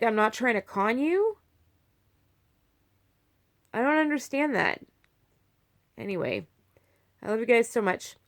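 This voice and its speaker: Wanita vlogger yang bicara melantur dan emosional. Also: female voice, mid-range voice, creaky. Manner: rambling, with many "like" fillers; heartfelt, swinging from soft to fired-up. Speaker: vlogger sharing a health update. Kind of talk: casual video diary.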